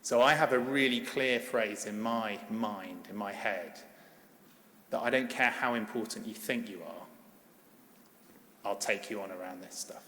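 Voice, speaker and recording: A man's voice: lowish voice, unhurried, bright, forceful tone, slight background noise. Earnest man speaking in a large hall. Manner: earnest, emphatic, directly urging the audience. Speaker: paediatrician giving a conference plenary. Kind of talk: conference keynote speech. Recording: long hall reverb.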